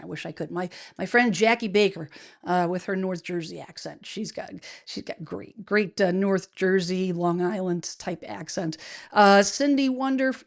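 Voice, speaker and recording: A woman hosts a casual livestream and talks straight to her regulars, greeting them one by one. Her delivery is chatty and upbeat and keeps running with fillers and restarts. Her voice sits at a middle pitch. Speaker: livestream host, real estate advisor. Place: home studio, indoors.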